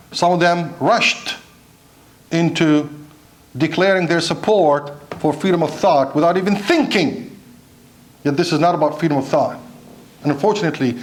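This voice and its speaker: A man delivering a Friday sermon with a high voice. He preaches with passion, asks his listeners pointed rhetorical questions and slips into Arabic recitation.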